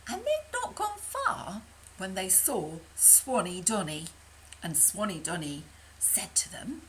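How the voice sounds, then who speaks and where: Animated woman telling a children's tale. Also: mid-range voice, unhurried, a little hiss or hum, low-quality recording. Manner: animated, slips into soft whispers. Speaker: storyteller. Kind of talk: reading a children's tale aloud.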